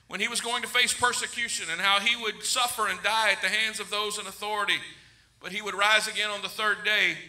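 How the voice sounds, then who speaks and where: Bright, high-pitched preaching man. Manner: emphatic, humorous preaching to the congregation. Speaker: pastor. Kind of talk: sermon. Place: large church sanctuary.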